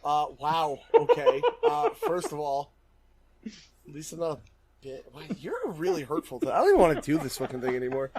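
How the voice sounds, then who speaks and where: A man's voice: on the high side, wildly swooping pitch, crowd noise. A man hosting a podcast, trading profane, jokey insults with his co-host in casual banter. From Connecticut. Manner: profane, jokey, quick comebacks.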